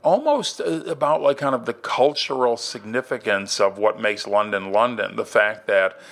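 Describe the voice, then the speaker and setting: Male design co-host, keen and thoughtful, bright gravelly tone. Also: mid-range voice, normal speed. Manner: enthusiastic, thoughtful, restarts often. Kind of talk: casual conversation.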